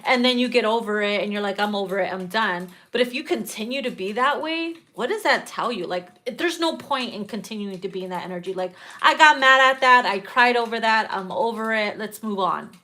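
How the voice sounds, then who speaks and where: A woman giving a casual tarot reading, blunt and profane, laughing loudly at her own jokes. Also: medium pitch, fairly quick, few pauses. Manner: blunt, profane and animated, breaks into loud laughter. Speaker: tarot reader.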